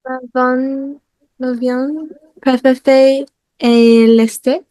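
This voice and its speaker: A student answers her teacher in a halting, careful way. Her voice is high and dark in tone, and she speaks very slowly. The sound is dry and close. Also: steady tone, no room sound, poor audio. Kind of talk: answering in class.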